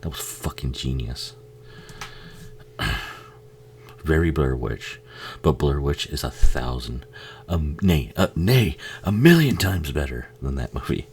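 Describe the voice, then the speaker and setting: A man's voice: extremely low pitch, expressive, takes it slowly, pauses often, a little hiss or hum. A man giving a casual, rambling watch-along commentary on a film, swearing freely and laughing often.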